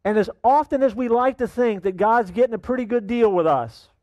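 Emphatic middle-aged pastor preaching. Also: male voice, extremely high pitch, lively intonation, fairly quick, dry recording, highs cut off. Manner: emphatic, repeats key lines for weight. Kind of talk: sermon.

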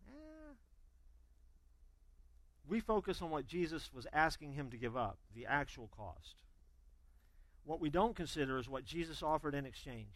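A male pastor preaching in a high, bright voice that swings widely in pitch. He tells stories with animation and acts out each quote. The sound is dry and close. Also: moderate pace, long pauses, no echo, low-quality recording. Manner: animated storytelling, acting out quotes; drops to quiet intensity. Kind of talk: sermon.

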